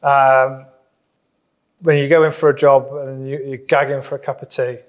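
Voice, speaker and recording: A man, a builder co-hosting a casual podcast, talking in an animated way. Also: moderate pace, muffled recording. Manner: animated, mimics customers in high silly voices. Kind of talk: casual chat.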